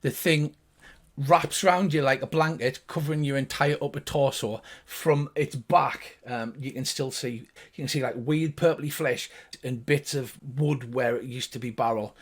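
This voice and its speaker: A man's voice: medium pitch, fairly even intonation, normal speed. An older man running a tabletop game as game master, narrating in vivid detail with fillers.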